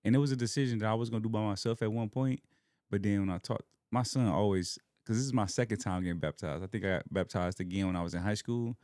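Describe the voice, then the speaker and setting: A man's voice: on the low side, quick pace, darkish tone, dry recording, clean studio sound. A young man from Alabama, talking as a podcast guest in an earnest, emotional way about his faith and family. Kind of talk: casual heartfelt conversation.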